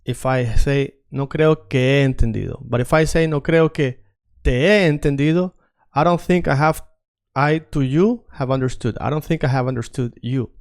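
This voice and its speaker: Smooth-voiced man drilling phrases. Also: mid-range voice, moderate pace. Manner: repeats phrases for drilling, coaxing learners to say them along. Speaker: Spanish teacher. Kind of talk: language drill lesson.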